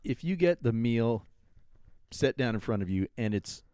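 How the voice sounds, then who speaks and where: A man's voice: medium pitch, lively intonation, moderate pace, dark tone, smooth, dry recording, clean studio sound. A man co-hosting a casual talk show, giving wry advice and acting out polite requests. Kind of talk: casual chat.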